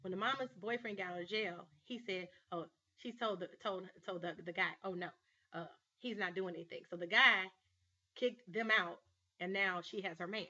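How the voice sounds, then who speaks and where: A woman's voice: medium pitch, normal speed, bright, forceful tone, highs cut off. A woman hosting her own vlog show, talking straight to camera in an earnest, emphatic storytelling manner. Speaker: life coach and show host. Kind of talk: personal vlog monologue.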